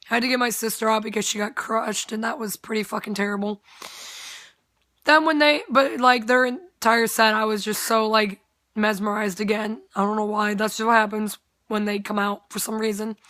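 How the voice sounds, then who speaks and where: A young female vlogger tells a story casually, chattering away, saying "like" constantly and swearing without restraint. Her medium-pitched voice is steady and fairly bright at a moderate pace, recorded cleanly in a studio with no echo.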